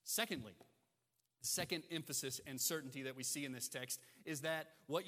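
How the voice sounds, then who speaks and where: A man's voice: a little high, brisk, sharp tone. A man preaching a sermon as pastor, emphatic and repeating key phrases for emphasis. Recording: long hall reverb.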